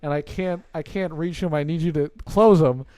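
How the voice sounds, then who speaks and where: A man's voice: a little high, fairly even intonation, normal speed, warm tone, clean tone, no room sound, natural voice. A young man quoting a fussy, frantic old grandfather. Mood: insistent.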